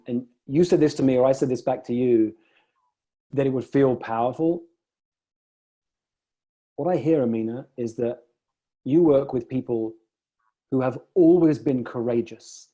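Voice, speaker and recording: A man's voice: mid-range voice, moderate pace, pauses often, mellow. A man coaching a client one-on-one, reflecting her words back and telling stories to make a point.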